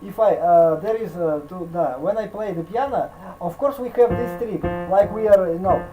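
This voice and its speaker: A high-pitched man with a Russian accent coaches a piano student over a video call. His English comes in halting bursts, full of Russian fillers and restarts, and he scats melodies to show phrasing while piano music plays clearly behind him. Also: poor audio. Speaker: piano teacher. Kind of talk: online piano lesson.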